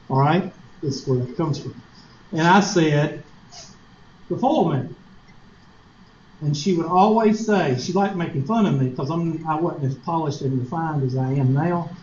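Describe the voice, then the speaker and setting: A man's voice: on the high side, a little mellow, a little hiss or hum. A man with a Southern US accent, a teacher telling a folksy, joking story to his class. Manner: folksy, joking, mocks nasal voices. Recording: echoey lo-fi classroom recording.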